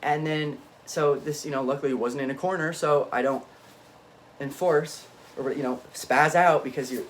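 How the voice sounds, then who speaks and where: A man in an unscripted, rambling monologue, swinging between low muttering and emphatic outbursts and often cutting himself off mid-thought. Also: steady tone, moderate pace, slight background noise. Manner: frequent self-interruptions and restarts. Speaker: vlogger.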